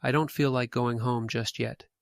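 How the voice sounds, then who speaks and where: A soft, caring mother's voice, as a male narrator puts her on for a spooky storybook reading. She speaks tenderly and soothingly, in a lifted but middle-range tone, recorded close and dry with no room sound. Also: medium pitch, fairly even intonation, moderate pace, creaky, clean tone, no echo, lightly acted. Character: gentle, worried middle-aged mother.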